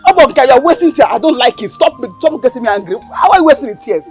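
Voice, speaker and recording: An actress with a Nigerian accent playing a scornful young woman who mocks and bullies her sister, swinging between shouts and mutters. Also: high-pitched, animated, quick pace, over music. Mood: scolding.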